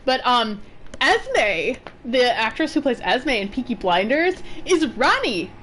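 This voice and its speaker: Woman game streamer, slightly high voice, very animated delivery, chatty and giggly. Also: slow pace, a little hiss or hum. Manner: chatty and giggly, yelps when stressed. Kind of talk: casual gaming commentary.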